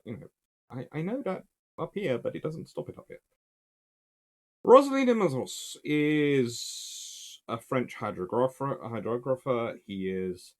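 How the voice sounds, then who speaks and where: A man's voice: medium pitch, a little mellow. A man giving a casual, emphatic spoken history lecture in a conversational way.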